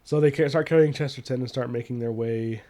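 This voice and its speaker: A man's voice: medium pitch, fairly quick, warm tone. A man co-hosting a podcast who loosely retells a book's plot in casual chat, with many fillers. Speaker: podcast co-host. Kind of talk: casual book discussion.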